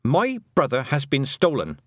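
A man reading an audiobook, voicing a determined, sharp-tongued young farm girl in a raised, urgent voice. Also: a little high, very animated, a little fast, no room sound, clean studio sound, voice pushed up.

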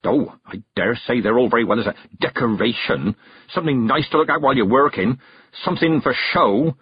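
A man voicing a stern, blunt old woman witch who talks in plain, rough country grammar, in a storybook reading. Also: mid-range voice, fairly quick, no echo, dull audio, voice pushed up. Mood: scornful. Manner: gruff, plain-spoken, dropped-g country grammar.

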